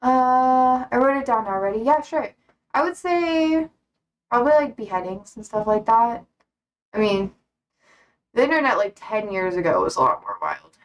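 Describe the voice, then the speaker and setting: A young woman streamer chatting casually, reading out viewer comments, blunt and quick to swear and laugh. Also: a little high, sing-song.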